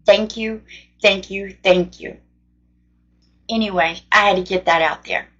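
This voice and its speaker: A woman's voice: medium pitch, fairly even intonation, measured pace, fairly bright tone, muffled recording. A woman telling a personal testimony of faith in a casual, earnest, rambling way. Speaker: faith storyteller.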